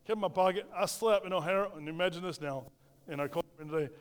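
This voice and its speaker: High-voiced preacher in a reverberant church. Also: male voice, fast talker, clear, resonant tone. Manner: storytelling preacher, repeats phrases, asks the congregation questions. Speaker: pastor. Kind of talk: sermon. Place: church sanctuary. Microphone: handheld microphone.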